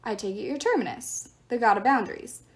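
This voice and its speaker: A woman voicing a clever teenage girl, firm and measured, in a read-aloud story. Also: a little high, natural voice. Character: clever teenage girl, diplomatic but tense.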